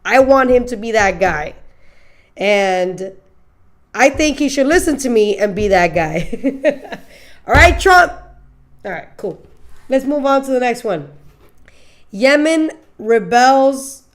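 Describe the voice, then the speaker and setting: A woman's voice: fairly high pitch, expressive, slow pace, pauses often. Joking young woman podcast host. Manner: loose, joking, laughs often, swears casually. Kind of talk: casual political commentary.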